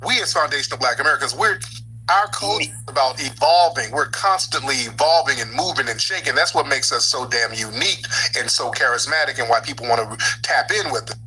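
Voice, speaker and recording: A man's voice: mid-range voice, lively intonation, a little fast, bright, forceful tone, slight background noise, poor audio. A man hosting a call-in show, mocking and confronting a caller. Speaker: talk show host.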